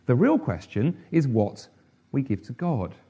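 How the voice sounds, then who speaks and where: A man's voice: mid-range voice, sing-song, unhurried, warm tone, slightly rough, dull audio. Male preacher, conversational sermon. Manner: conversational, humorous, with asides.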